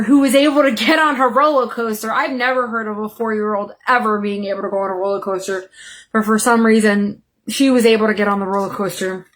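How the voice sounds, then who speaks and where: A woman in her thirties telling a personal story to her viewers in a casual, chatty way, acting out her own excited and scared exclamations. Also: a little high. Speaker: vlogger.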